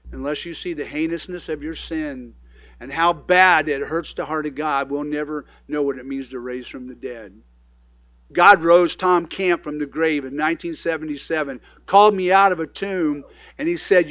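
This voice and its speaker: A middle-aged man who pastors a church, preaching in a loose, conversational way, now loud and now hushed. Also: on the high side, normal speed, no room sound. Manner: conversational, animated preaching with sudden swings in loudness. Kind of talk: sermon.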